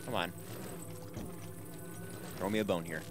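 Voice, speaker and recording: Low-voiced man narrating gameplay. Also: fairly even intonation, unhurried. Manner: rambling, self-deprecating, talks to viewers. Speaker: let's play host. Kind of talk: casual gameplay commentary. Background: game music.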